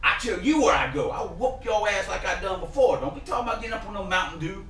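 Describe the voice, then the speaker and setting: A man's voice: high voice, animated, unhurried, faint music behind, pitched above the performer's own voice. A man putting on a rowdy, slangy, trash-talking character who mocks the host, in a home workshop. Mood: threatening. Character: loud mouthy man mocking the host.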